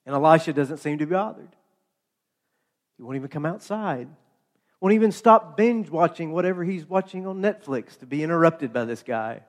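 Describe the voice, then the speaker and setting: A man's voice: a little high, animated, normal speed. A man preaching a sermon, telling stories in a conversational way with playful asides. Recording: long hall reverb.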